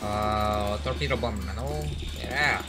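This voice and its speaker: A young man giving rambling, excitable commentary while playing an online game, with sudden outbursts. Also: lowish voice, slow, over loud music. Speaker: gaming commentator. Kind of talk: casual gameplay commentary. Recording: noisy game audio behind.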